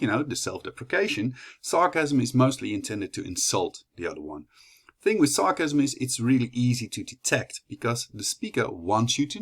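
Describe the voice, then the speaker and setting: Dutch-accented young man giving a class talk. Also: medium pitch. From Netherlands. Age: young adult. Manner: chatty, many fillers and restarts. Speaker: student presenter. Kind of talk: class presentation.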